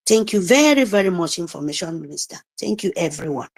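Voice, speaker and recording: Woman, fervent speaker at an online meeting, slow and preachy. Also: lowish voice, expressive, gravelly, a little mellow. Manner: preachy, repetitive, slow emphatic pleading. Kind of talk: impassioned exhortation.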